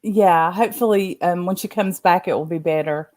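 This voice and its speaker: A woman's voice: lowish voice, normal speed, darkish tone. A woman with a Southern Appalachian accent, chatting and laughing often on a video call from her bed at home. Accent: Southern American, Appalachian. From Southern United States. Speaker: guest. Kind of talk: casual chat on a video call.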